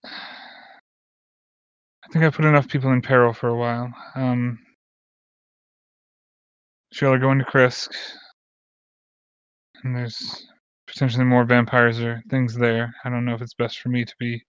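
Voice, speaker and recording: A man voicing a wary young noblewoman who speaks hesitantly, with pauses. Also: medium pitch, level tone, clean tone, no echo, natural voice. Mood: uncertain. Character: wary young noblewoman, careful and soft-spoken. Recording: muffled lo-fi mic.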